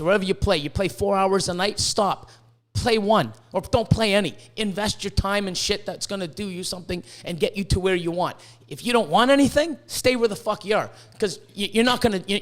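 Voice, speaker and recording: A man hosting a podcast in casual chat, swearing a lot and stumbling over repeated words as he makes emphatic points. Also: sits high. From Canada. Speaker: podcast host.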